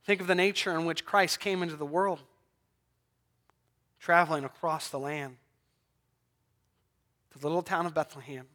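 A man preaching a sermon, swinging between hushed near-whispers and loud, emphatic declarations. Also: on the high side, steady tone, normal speed, long pauses.

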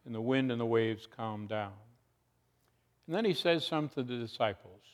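A man's voice: medium pitch, expressive, moderate pace. A man preaching a sermon, speaking earnestly and retelling scripture with rising emphasis. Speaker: pastor.

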